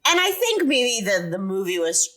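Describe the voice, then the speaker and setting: A woman co-hosting a casual film review podcast, wry and animated, laughing easily. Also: medium pitch, moderate pace. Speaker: podcast co-host.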